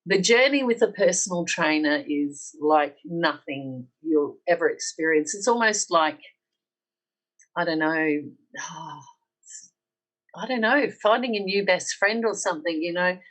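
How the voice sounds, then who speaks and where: A woman's voice: lowish voice, expressive, measured pace, low-quality recording. A middle-aged woman with an Australian accent, earnestly telling her personal story on a podcast and acting out the dialogue she quotes. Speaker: podcast guest.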